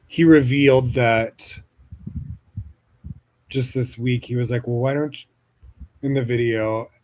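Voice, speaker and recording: Male podcast host, casual rambling monologue, chatty and gushing with lots of fillers and profanity, medium pitch. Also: fairly even intonation, slow pace. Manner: frequent laughter, swings loud and soft. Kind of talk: casual personal storytelling monologue.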